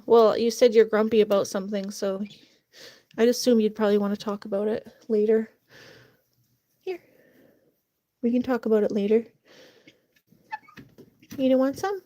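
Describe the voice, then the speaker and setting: A woman's voice: on the high side, moderate pace, pauses often, dark tone. A woman chatting casually while she feeds farm animals, cooing at them in a sweet, raised voice and laughing often. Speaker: animal keeper.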